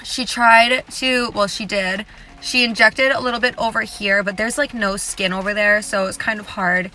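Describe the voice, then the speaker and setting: A woman's voice: mid-range voice, steady tone, normal speed, pushed and bright, a little hiss or hum. A young woman vlogging casually to camera from a car, chatty and emotional, full of "like" fillers.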